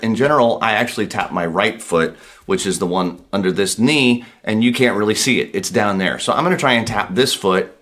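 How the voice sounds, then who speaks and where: A man teaching a blues guitar lesson, speaking in a relaxed, reassuring way, repeating points for emphasis and counting beats out loud while he plays. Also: fairly low pitch. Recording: guitar playing behind the voice.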